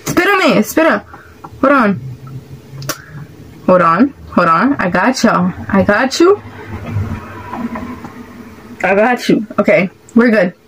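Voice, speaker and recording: A woman hosting a reaction video, talking in excitable, exclamatory bursts and swearing freely as she reacts. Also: mid-range voice, takes it slowly, long pauses, slight background noise, low-quality recording. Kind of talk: casual reaction commentary.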